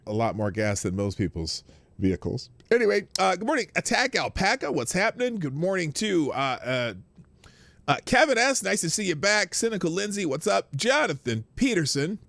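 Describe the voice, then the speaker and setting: Animated man hosting a live stream. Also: medium pitch, no echo. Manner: animated, greets viewers by name, rambling asides. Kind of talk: casual live-stream chat.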